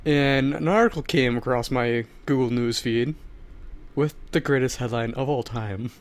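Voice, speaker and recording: A man co-hosting a podcast, delivering a bit with dry, deadpan humor in casual comedic banter. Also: mid-range voice, moderate pace. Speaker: podcast co-host.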